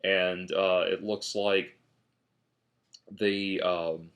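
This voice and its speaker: A man's voice: deep voice, little pitch movement, extremely slow, fairly bright tone. A man talking casually in a vlog, reviewing a film in a rambling way with many restarts. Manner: rambling, full of restarts and fillers. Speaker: video host reviewing a film.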